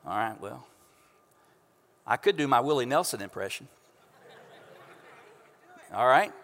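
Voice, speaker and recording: A pastor preaching a sermon from a church stage into a microphone, conversational and joking with the congregation. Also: male voice, medium pitch, lively intonation, unhurried, a bit bright, some chatter behind. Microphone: stage microphone through house speakers. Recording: long church reverb.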